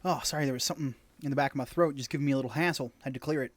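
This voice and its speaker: A man's voice: medium pitch, racing, slight background noise. A man streaming a video game, reading its text aloud and chatting casually with rambling asides to viewers. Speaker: gaming streamer.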